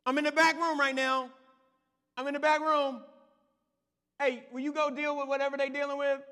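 A man's voice: very high-pitched, little pitch movement, moderate pace, bright, forceful tone, long reverb tail. A man voicing God as a busy, breezy figure calling from a back room.

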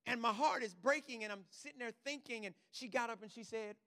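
A male pastor preaching a sermon, swinging from quiet asides to loud, emphatic declarations and checking in with the congregation. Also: very high-pitched, fairly quick, big-room sound.

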